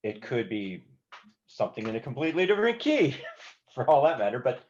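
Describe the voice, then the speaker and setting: A man's voice: mid-range voice, very animated, brisk, a little mellow, muffled recording. Man teaching songwriting, singing examples. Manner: sings example lines and hums rhythms. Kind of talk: workshop teaching.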